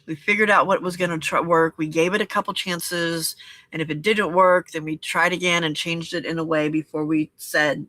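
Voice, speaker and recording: A woman hosting a journaling and crafting challenge, talking to viewers in a gentle, encouraging, reflective way and often checking in with "okay?". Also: fairly low pitch, fairly quick, dry recording. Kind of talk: reflective casual talk to viewers.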